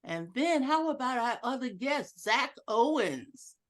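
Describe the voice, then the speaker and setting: A woman's slightly high voice moves at a measured pace as she delivers an educational talk on a video call to a club. Playful and animated, she acts out how one sentence sounds with different inflections, in a presentation that involves audience exercises.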